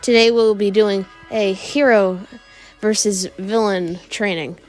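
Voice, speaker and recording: A woman voices a heroic grown man who teaches a class, speaking formally and politely with a bemused edge. The delivery is slow and measured. Faint music sits in the background. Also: medium pitch, fairly even intonation, close to an everyday voice, rough recording. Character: booming heroic adult male teacher.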